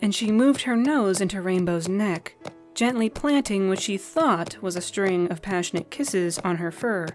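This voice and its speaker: A woman narrating a fan-fiction story in a gentle, even reading style. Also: mid-range voice, unhurried, faint music behind.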